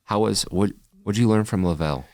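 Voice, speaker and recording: A man's voice: fairly low pitch, brisk, a little mellow, no echo. A young adult man hosting a podcast interview and encouraging his guest with short replies. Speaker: podcast host. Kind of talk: casual interview.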